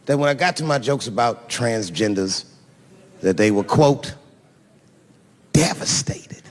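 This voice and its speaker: Profane stand-up man in a reverberant hall. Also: medium pitch. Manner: profane, conversational, building stories to punchlines. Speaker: stand-up comedian. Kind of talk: stand-up storytelling. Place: large theater stage with audience. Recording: long hall reverb from a live stage.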